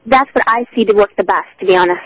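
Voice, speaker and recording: A woman's voice: medium pitch, fast talker, highs cut off, slight background noise. A woman co-hosting a casual chat, talking in a rambling way with lots of fillers. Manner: chatty, rambling, frequent fillers. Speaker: co-host.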